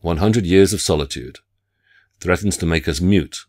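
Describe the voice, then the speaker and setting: A man delivering a scripted literature lecture in a measured, formal academic way. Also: deep voice, a little mellow.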